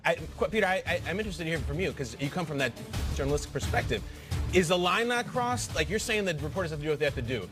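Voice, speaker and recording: A man hosting a morning sports talk show, animated and playful, tossing in quick asides. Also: fairly high pitch, music in the background.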